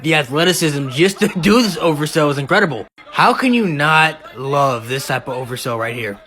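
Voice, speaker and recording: A man commenting excitedly on a clip in a casual reaction video, laughing often and using slang. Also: a little high, normal speed, few pauses.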